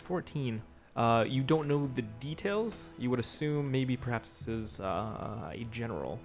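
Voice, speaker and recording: A man's voice: medium pitch, expressive, a little slow. A man narrating a tabletop game as game master, casual and full of fillers. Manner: casual, hesitant with many fillers. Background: background music.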